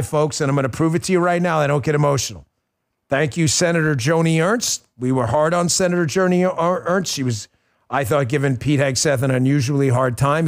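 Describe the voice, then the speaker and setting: A middle-aged man hosting a political talk show, ranting bluntly and piling up insults in quick emphatic lists. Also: on the high side. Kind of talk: heated political commentary.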